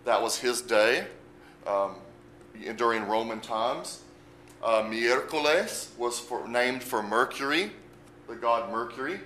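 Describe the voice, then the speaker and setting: A man's voice: medium pitch, a bit bright, echoey room, slight background noise, poor audio. A man giving an unscripted language lesson, speaking patiently and spelling words out letter by letter. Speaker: Spanish teacher.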